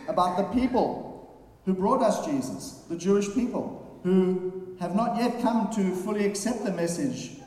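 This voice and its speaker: A man delivers a sermon in a big, echoing hall, his somewhat high voice ringing with a long reverb tail. He reads scripture aloud and talks at an unhurried pace, pausing with fillers. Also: a little mellow. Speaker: preacher. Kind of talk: sermon summary. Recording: very echoey hall.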